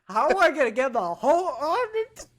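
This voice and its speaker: A woman co-hosting a podcast in casual chat, excitable and laughing as she recaps a show. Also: sits high, moderate pace. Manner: excitable, laughing, lots of "bro". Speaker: podcast co-host.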